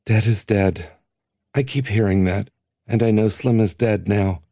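A man voicing a naive young man who asks wide-eyed questions, his voice rising high as he struggles to understand. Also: a little slow, dark tone, dry recording, studio quality. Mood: bewildered.

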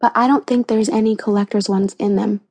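A woman reading an audiobook, voicing a thoughtful, patient boy in a mild, measured way. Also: medium pitch, steady tone, darkish tone, slightly rough, dry recording. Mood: calm.

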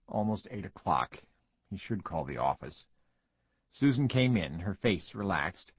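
A man narrating an audiobook in an expressive, measured way, close to the mic. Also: sits low, slightly rough, no room sound, dull audio. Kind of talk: scripted narration.

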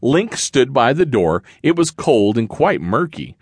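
Slow sing-song man reading a kids' book. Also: medium pitch, very animated, breathy edge, dry recording. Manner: sing-song rhyming read-aloud. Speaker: audiobook narrator. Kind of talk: children's picture-book narration in rhyme.

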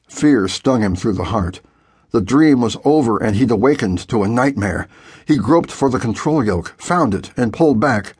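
A man reads a children's adventure story aloud, with husky tone and a lively pitch that rises and falls with the action. The recording is dry and close, with no room sound. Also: normal speed, no echo. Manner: vivid, expressive storytelling. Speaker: audiobook narrator. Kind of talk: scripted storybook narration for children.

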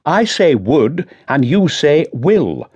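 A man's voice: mid-range voice, huge pitch swings, brisk, darkish tone, breathy edge, voice pushed up, exaggerated voice. A man voicing a pompous, prickly senior male police chief in an audiobook. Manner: pompous, snappish.

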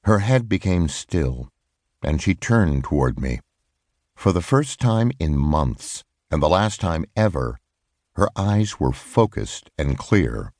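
A man with a very low voice narrates an audiobook, and his pitch rises and falls expressively. His reading is measured and reflective, recorded close and dry in a studio. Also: sing-song, darkish tone, dry recording. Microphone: close studio microphone.

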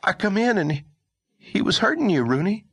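A man voicing a small, panicked boy in a historical audiobook, pitched high and stammering. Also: sing-song, moderate pace, a bit bright, slightly rough, no echo, exaggerated voice.

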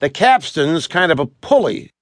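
A man's voice: on the high side, big pitch swings, moderate pace, dry recording. A man voicing a kindly adult pilgrim leader in a children's audiobook, explaining things in a friendly way. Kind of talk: audiobook character voice.

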